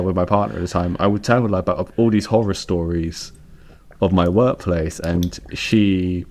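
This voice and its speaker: Low-voiced man telling a work story. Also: darkish tone. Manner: rambling anecdote-telling with restarts. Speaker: podcast co-host. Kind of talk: casual chat.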